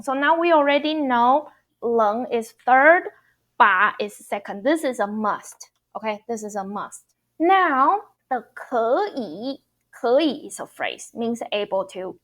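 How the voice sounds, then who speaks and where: A woman in her thirties with a Taiwanese Mandarin accent, explaining Mandarin tones in an online lesson and repeating each example patiently. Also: fairly high pitch. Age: 30s. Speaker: Mandarin teacher.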